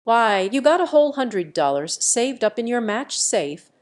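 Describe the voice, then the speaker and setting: A woman's voice: fairly high pitch, very animated, normal speed. Woman reading as an angry hulking dentist. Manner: shouting, growling, exasperated. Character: big, slow-witted male dentist, angry husband.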